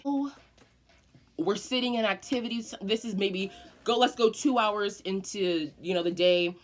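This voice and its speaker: A young woman telling a personal story in a casual vlog, animated and swearing often. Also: medium pitch, normal speed. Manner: animated, profane, dramatic storyteller. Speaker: vlogger.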